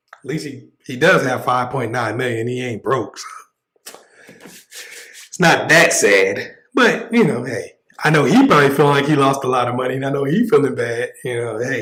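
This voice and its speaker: A man's voice: mid-range voice, fairly bright tone, roomy sound, poor audio. Blunt, joking man streaming live. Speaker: livestream host. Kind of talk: casual livestream commentary.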